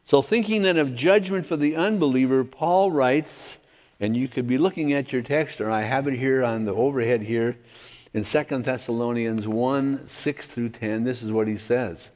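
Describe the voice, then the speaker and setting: A male pastor delivers a verse-by-verse sermon, hammering home key words and pausing to ask his listeners if they follow. His mid-pitched voice rings with a long reverb tail from a large hall. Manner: emphatic, stresses key words, asks 'okay?'. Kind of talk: expository sermon. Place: church hall with overhead projector.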